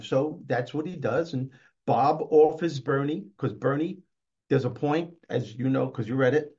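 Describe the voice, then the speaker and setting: A man's voice: mid-range voice, measured pace, muffled recording. Man telling a story in an interview. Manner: lively, acts out scenes. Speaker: author and motivational speaker guest.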